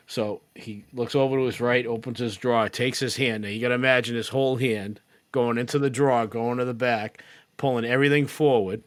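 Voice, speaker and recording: A man telling an animated story as a podcast guest, quoting the people in it. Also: medium pitch, brisk, no room sound. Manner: animated, quotes people in his stories. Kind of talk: casual storytelling. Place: podcast recording.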